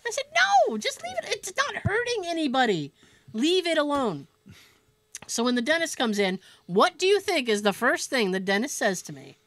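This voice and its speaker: Bright, lively woman telling a story. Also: high voice, normal speed, no room sound. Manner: animated, profane, laughing while telling a story. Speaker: podcast co-host. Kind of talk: casual storytelling chat.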